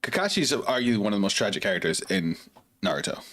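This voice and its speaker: Man, lowish voice, casual live reaction commentary, blunt and profane, openly emotional. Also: very animated, fast talker, over loud music. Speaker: music reaction streamer.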